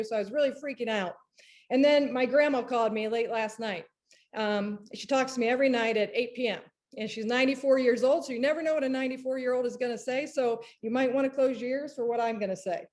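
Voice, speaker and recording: A woman presenting in a webinar, chatty and animated, telling stories to make her points. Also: fairly high pitch, fast. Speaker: performance director giving a talk.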